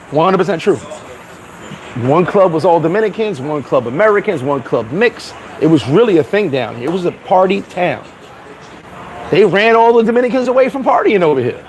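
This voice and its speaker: A man with a notably high speaking voice delivers a casual vlog rant from outdoors in a town. He talks emphatically, telling animated stories to his viewers. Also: slight background noise, poor audio. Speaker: vlogger.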